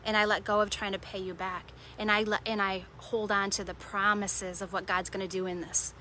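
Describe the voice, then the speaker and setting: A woman's voice: mid-range voice, fairly bright tone, a little hiss or hum. A woman preaching a devotional sermon in an earnest way, repeating short phrases for emphasis.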